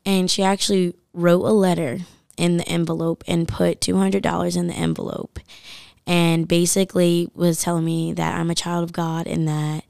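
A young woman with a low, gravelly voice tells a personal story in loose, chatty podcast talk. She fills her speech with likes and you-knows. The sound is close and dry. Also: level tone, moderate pace, darkish tone, dry recording. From United States. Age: young adult. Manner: chatty, full of fillers and likes. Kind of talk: casual storytelling chat.

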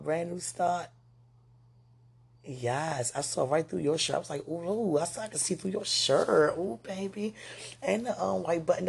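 A woman's voice: deep voice, vocal fry, a little mellow, husky. A woman hosting a spiritual podcast, speaking to a loved one in a gushing, giggly, rambling way, full of "you know"s. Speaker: podcast host.

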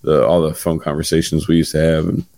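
A man co-hosting a podcast, talking in a halting, laid-back way with many fillers. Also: very deep voice, level tone, vocal fry, dark tone. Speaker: podcast co-host. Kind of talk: casual chat.

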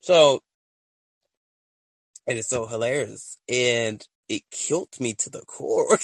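A man hosting a casual solo podcast, rambling and excitable, full of slang and often laughing at his own stories. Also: medium pitch, slow pace, no room sound. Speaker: podcast host.

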